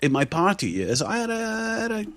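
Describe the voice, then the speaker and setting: A man hosting a podcast in casual chat, animated, laughing often and swearing freely. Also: high voice, normal speed, no echo. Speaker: podcast host.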